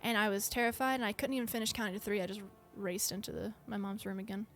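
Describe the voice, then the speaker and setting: A woman co-hosting a casual podcast, telling a ghost story in an animated, halting way with many restarts. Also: mid-range voice. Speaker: podcast co-host.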